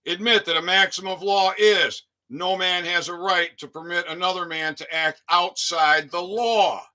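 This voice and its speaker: Man, slightly high and sharp-toned, reading formal claims aloud. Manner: reads formal statements with muttered asides. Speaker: citizen activist. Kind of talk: reading a legal document aloud.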